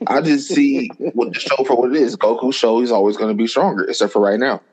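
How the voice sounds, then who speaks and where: A man co-hosting a podcast in casual chat, relaxed and joking as he quotes memes. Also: medium pitch, fast, slightly rough, poor audio. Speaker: podcast co-host.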